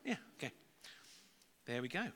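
A man's voice: medium pitch, sing-song, moderate pace, fairly bright tone. A middle-aged man giving a playful, chatty children's talk at church.

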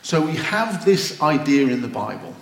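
A man preaching a sermon, slow and earnest, rising to wondering exclamations. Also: medium pitch, sing-song. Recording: roomy echo.

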